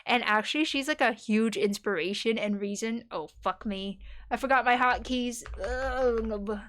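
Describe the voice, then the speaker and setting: A young woman streamer chatting casually with her viewers in a slightly high voice. She rambles along, giggles often and drops playful slang. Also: moderate pace, a bit bright.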